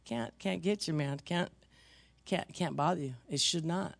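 A pastor preaching a sermon in a conversational, animated storytelling manner, self-deprecating and lively. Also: medium pitch, a little slow, vocal fry, no echo.

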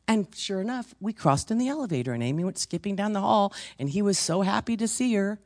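A woman in her sixties preaching, rambling through personal stories and swinging from hushed to emphatic. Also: a little high, sing-song, a little fast, few pauses, no room sound, clean studio sound.

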